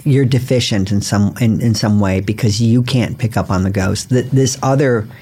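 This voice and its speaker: Husky-voiced man telling dry stories. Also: fairly low pitch, normal speed, dark tone. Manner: dry, blunt storytelling. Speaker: guest author. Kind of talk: casual interview chat.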